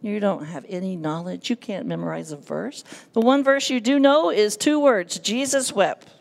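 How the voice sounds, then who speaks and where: A woman's voice: medium pitch, normal speed, creaky, natural voice. A woman voicing the enemy as a sneering, belittling spirit in a spoken testimony.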